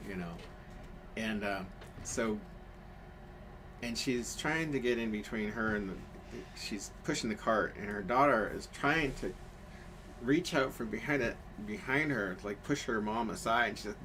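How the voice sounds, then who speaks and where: A man's voice: on the low side, a little slow, fairly bright tone, a little hiss or hum. A man telling a rambling story in casual chat on a craft stream, full of fillers and restarts.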